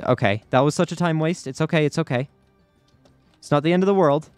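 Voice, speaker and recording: A man's voice: on the high side, brisk, a little mellow, no room sound, soft background music. A man giving live commentary over his own gameplay, anxious and repeating himself under pressure. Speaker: gaming YouTuber.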